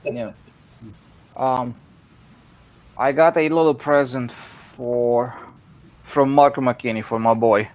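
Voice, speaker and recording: A man joins a relaxed video-call hangout and talks in a halting way, with many fillers and restarts. His voice sits at an ordinary middle pitch. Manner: hesitant, many pauses and fillers. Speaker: participant in a hobby video hangout. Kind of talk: casual chat on a video call.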